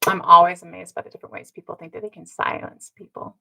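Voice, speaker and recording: A woman's voice: fairly low pitch, little pitch movement, fast, creaky, sharp tone, low-quality recording. A woman talking straight to her viewers in a casual monologue, earnest, with many ums and rhetorical "right?" tags. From Indigenous North America. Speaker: commentator. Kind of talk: casual direct-to-camera monologue.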